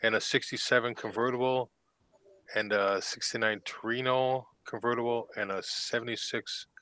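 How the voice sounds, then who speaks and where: A man's voice: mid-range voice, fairly even intonation, moderate pace, sharp tone, no room sound. A man chatting casually on a live stream, rambling and listing things off one after another.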